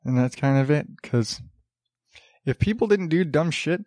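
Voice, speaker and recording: Slow-talking sarcastic podcast man. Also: fairly high pitch, animated, a little mellow, no echo, clean studio sound. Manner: sarcastic, rambling, with many restarts. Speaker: podcast host. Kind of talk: casual solo podcast commentary. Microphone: podcast studio mic.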